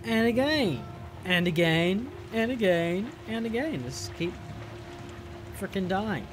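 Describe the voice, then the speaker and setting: A gamer giving profane, exasperated running commentary over a horror game and yelling at the screen in bursts. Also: mid-range voice, lively intonation, slow, music in the background. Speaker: let's play gamer. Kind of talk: live gameplay commentary.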